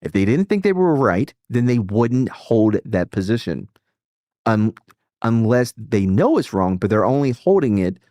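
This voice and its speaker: Rambling, profane low-voiced male streamer. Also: a little mellow, no echo, studio quality. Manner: rambling and profane, with many restarts and self-interruptions. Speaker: streamer and host. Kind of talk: casual live-stream chat.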